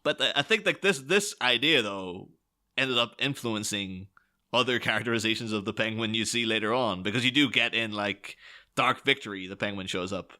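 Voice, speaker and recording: Bloke rambling on a podcast, bright sharp tone, keeps restarting sentences. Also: male voice, on the low side, moderate pace. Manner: rambling, enthusiastic, many restarts. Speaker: podcast co-host. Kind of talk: casual film podcast chat.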